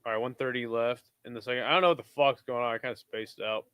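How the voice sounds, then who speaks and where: A weary young man streams a watch-along, half calling the action and half chatting, cursing freely in a laid-back drawl. His voice is smooth and resonant. The sound is dry and close, with no room around it. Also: mid-range voice, fairly even intonation, fast, sharp tone, dry recording. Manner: laid-back, swears freely, drifts between play-calling and chat. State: tired. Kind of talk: casual live commentary.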